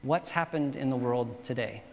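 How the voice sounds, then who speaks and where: A man's voice: medium pitch, moderate pace, long reverb tail. A man preaching a sermon as pastor, telling stories in a casual way with many fillers and restarts.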